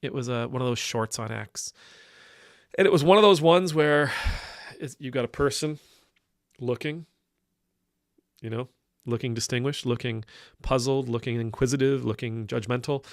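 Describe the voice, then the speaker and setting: A man, an Anglican priest, talking through a video in casual commentary, pausing to search for words and growing emphatic when he objects. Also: medium pitch, creaky, dry recording, clean studio sound. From Canada.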